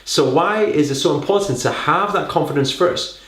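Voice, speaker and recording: A man's voice: on the high side, normal speed, a bit bright, roomy sound. A man teaching public speaking to the camera, coaxing his viewers with rhetorical questions and a frequent "right?".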